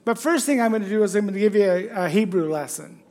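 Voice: medium pitch, fast talker, a little mellow. Joking, chatty pastor preaching. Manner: chatty and joking, asks the congregation questions. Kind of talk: conversational sermon.

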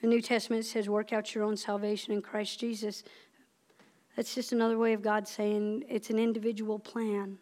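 A woman's voice: mid-range voice, little pitch movement, normal speed, darkish tone. Fifty-something woman preaching in church. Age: 50s. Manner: personal, conversational preaching with rising emphatic repetitions. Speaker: lay preacher. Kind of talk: sermon. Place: church sanctuary.

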